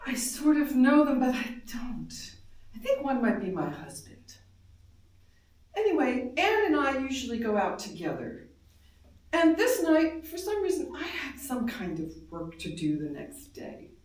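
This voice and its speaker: A woman giving an intense, emotional live reading of first-person dream monologues, moving between hushed and loud. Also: high-pitched, big pitch swings, measured pace. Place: darkened live performance space. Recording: very echoey hall, voice from far off.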